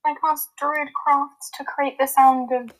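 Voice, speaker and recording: A woman's voice: high-pitched, little pitch movement, measured pace, fairly bright tone, rough recording. A woman playing a tabletop game over voice chat, joking playfully with her group. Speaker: player.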